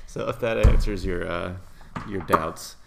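A man's voice: low-pitched, a little slow, creaky, background noise. A young man hosting a casual podcast chat, joking loosely and swearing freely. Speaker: podcast host.

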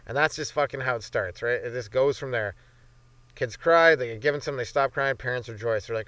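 A man's voice: medium pitch, lively intonation, fast talker, fairly bright tone, no room sound. Rambling, profane young man on a dry mic. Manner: loose, profane, rambling with lots of fillers. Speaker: comedy podcast host. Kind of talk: rambling stand-up style monologue.

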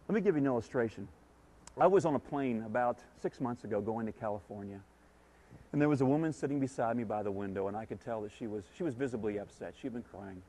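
A man's voice: on the low side, mellow, a little hiss or hum. A man giving a conversational sermon as a guest speaker at a church service. He tells stories and asks his listeners questions.

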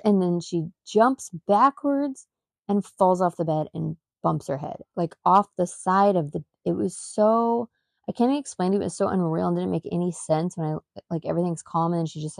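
A woman's voice: fairly low pitch, creaky, a little mellow, no echo, studio quality. A woman and mother hosting a podcast, telling a story in a rambling, emphatic way, full of fillers and restarts. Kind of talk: casual storytelling.

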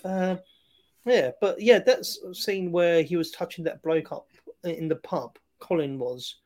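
A man's voice: on the high side, lively intonation, a little slow, darkish tone. A man chatting casually about films on a remote call, rambling with many fillers and restarts.

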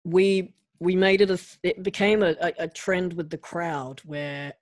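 A man being interviewed as a guest, telling stories in a lively way and often restarting his sentences. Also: high voice, unhurried, no room sound. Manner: animated anecdote-telling with frequent restarts. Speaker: guest, actor and pro wrestler. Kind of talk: casual interview storytelling.

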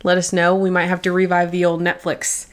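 A woman's voice: on the low side, completely flat delivery, fairly quick. A woman with a Midwestern American accent co-hosts a loose, casual podcast chat. She talks in a chatty, joking way, swears freely and laughs often at her own tangents. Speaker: podcast co-host.

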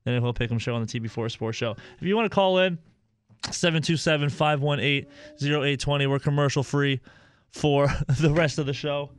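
A man hosting a casual sports radio show, jokey and rambling with quick restarts. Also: on the high side, clear, resonant tone, dry recording.

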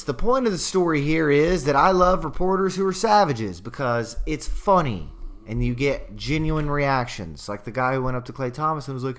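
A man co-hosting a casual sports podcast, animated and profane, acting out quotes as he tells stories. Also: mid-range voice, normal speed. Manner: animated, swearing, acts out quotes. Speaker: podcast co-host.

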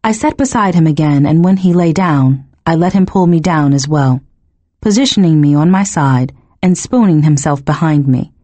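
A woman's voice: low-pitched, moderate pace, no room sound. Woman narrating a novel in first person. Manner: expressive, emotionally engaged reading. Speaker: audiobook narrator.

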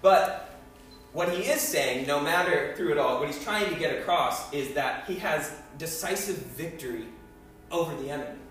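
A man's voice: a little high, animated, moderate pace, a bit bright, faint music behind. A man preaching a sermon in a casual, conversational way, with many asides to his listeners. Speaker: pastor. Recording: echoey hall, voice from far off.

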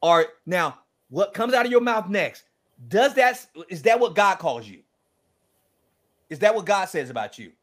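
A man with a fairly high voice speaks as an interview guest. He talks in an animated, preacherly way, leaning hard on his points with emphasis. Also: measured pace. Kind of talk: passionate interview conversation.

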